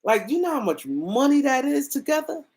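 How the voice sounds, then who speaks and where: A man's voice: extremely high pitch, very animated, normal speed, darkish tone. A man hosting a casual sports talk show, ranting emphatically and repeating himself as he rambles through his points. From US East Coast. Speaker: host. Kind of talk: casual sports commentary rant.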